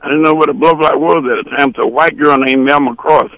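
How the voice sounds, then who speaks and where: A man's voice: a little high, fairly even intonation, fast, fairly bright tone, no room sound, poor audio. A man telling rambling, bawdy stories as a guest on a radio show. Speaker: guest musician. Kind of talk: casual storytelling on radio.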